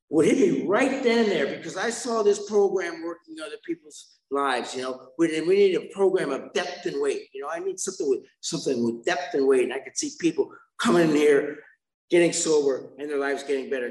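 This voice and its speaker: A man's voice: a little high, roomy sound, poor audio. A man sharing his recovery story at a meeting, rambling and self-mocking, with asides to the listeners.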